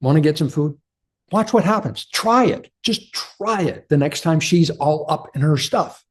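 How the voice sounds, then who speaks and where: Male coach, slightly raised pitch, earnest motivational talk aimed at men. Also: animated, unhurried. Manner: earnest, addresses listeners as brothers. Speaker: men's relationship coach.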